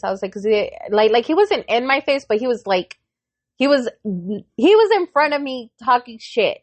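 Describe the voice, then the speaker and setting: A woman's voice: on the high side, moderate pace, no echo. A woman in her thirties co-hosting a podcast, telling a heated story in casual chat, swearing a lot and acting out the quotes. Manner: animated storytelling, heavy swearing, acts out quotes. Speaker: podcast co-host.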